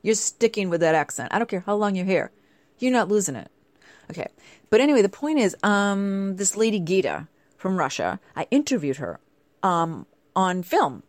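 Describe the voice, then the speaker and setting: A woman hosts her show in a loose, chatty way, trading jokes and asides with her listeners. Her pitch swoops up and down as she talks. The sound is dry and close to the mic. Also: normal speed, dry recording. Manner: chatty, animated storytelling with playful asides. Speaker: show host. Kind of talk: casual chat.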